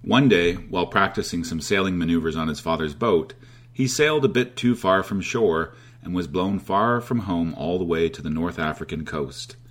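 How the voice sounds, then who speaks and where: Male narrator for a fable: steady delivery, low and breathy-husky tone. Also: normal speed. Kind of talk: storytelling narration.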